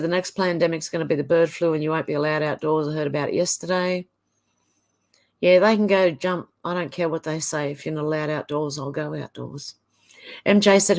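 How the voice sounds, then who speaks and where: An Australian woman hosting a livestream, reading viewers' comments aloud one after another and adding short offhand remarks. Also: lowish voice. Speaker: livestream host. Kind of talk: casual livestream chat reading.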